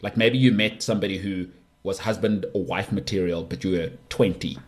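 A man hosting his own podcast, talking sport in a casual, opinionated, rambling monologue with big jumps in pitch. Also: a little fast. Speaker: podcast host.

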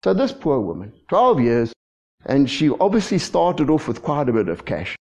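Gravelly, animated preacher. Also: male voice, medium pitch, normal speed. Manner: lively preaching with frequent call-and-response asides. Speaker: pastor. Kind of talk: sermon. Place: church. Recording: dull lo-fi church recording.

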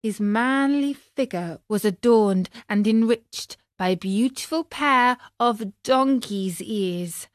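A woman's voice: fairly high pitch, slow, hardly any pauses, no echo, clean studio sound. A woman reading a children's storybook aloud expressively, addressing her young readers. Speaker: narrator.

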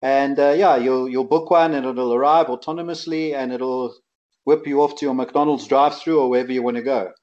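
A man co-hosting a casual radio chat, relaxed and chatty. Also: medium pitch, fairly quick, muffled recording. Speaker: co-host.

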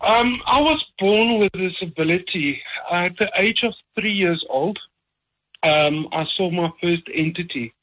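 Slow-speaking man on a tinny phone line. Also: high voice. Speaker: guest, psychic medium. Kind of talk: radio interview guest. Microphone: phone or online line.

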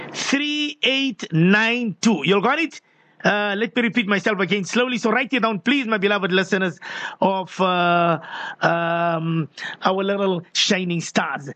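A man hosting a call-in radio show, slowly repeating a phone number and greeting listeners by name. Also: sits high, a bit bright, dry recording. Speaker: radio host. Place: radio studio.

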